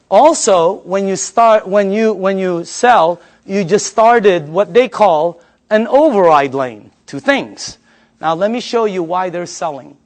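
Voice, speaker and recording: A man in his fifties pitches a business to a live crowd in a high, lifted voice. He tells animated stories and echoes each answer from the room back to his listeners. He talks like a seasoned salesman. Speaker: sales presenter.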